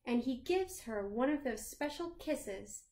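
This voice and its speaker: A woman librarian reading a picture book aloud to children, gently asking them questions along the way. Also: on the high side, lively intonation, unhurried. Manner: sings the chorus lines in a lilting voice.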